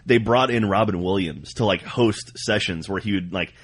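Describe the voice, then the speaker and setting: A man co-hosting a podcast who chats casually with quick, expressive banter. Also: fairly low pitch, breathy edge. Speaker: podcast co-host. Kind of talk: casual chat.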